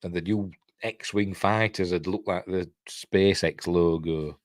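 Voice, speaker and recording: A man's voice: sits low, steady tone, slow, no echo, studio quality. A middle-aged man with a Yorkshire accent, hosting a live news stream in rambling, self-correcting casual commentary. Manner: rambling, self-correcting, chuckles at his own jokes.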